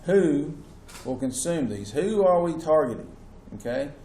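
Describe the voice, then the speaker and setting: A man's voice: a little high, expressive, unhurried, dark tone. A man lecturing a class as their teacher, asking questions and stressing key words. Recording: echoey classroom with faint noise.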